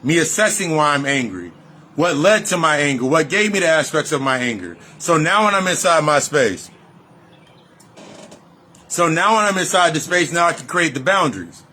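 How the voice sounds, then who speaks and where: A man's voice: a little high, animated, normal speed, sharp tone. Man preaching loose, profane self-help. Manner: casual, profane, repeats phrases for emphasis; preachy, speaks in loose run-on sentences. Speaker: spiritual reader and life coach. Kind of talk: freewheeling spiritual monologue.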